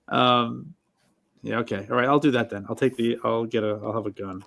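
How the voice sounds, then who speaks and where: An eager man chatting as a tabletop game player, with a plain mid-range voice. He is quick to back and cheer the other players' ideas. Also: mid-range voice, vocal fry, fairly bright tone. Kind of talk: casual chat.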